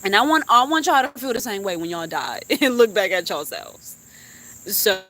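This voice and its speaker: Young woman on a live stream, venting from the heart, animated. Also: mid-range voice, moderate pace. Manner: heartfelt and animated, swearing and laughing. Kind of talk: emotional casual chat.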